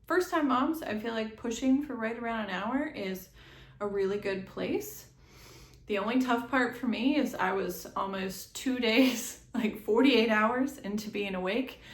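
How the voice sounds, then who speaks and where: A young woman tells her story straight to the camera in a chatty, animated way, full of quick asides. Her voice sits at an ordinary middle pitch. The room around her sounds noticeably echoey. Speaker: vlogger telling her birth story.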